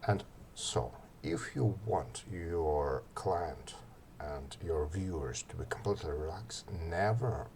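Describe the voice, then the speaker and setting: A man explaining relaxation technique in a soft, hesitant, instructional way, sometimes dropping almost to a whisper. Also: deep voice, animated, gravelly, slight background noise. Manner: slow, soft-spoken, drops to near-whisper for example phrases; hesitant, many fillers. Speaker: ASMR artist giving advice. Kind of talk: instructional talk.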